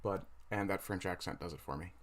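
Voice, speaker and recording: A man hosting a casual livestream, talking with frequent fillers and pauses, with a mic right under his chin. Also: low-pitched. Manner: hesitant, many fillers, reads chat aloud. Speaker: livestream host.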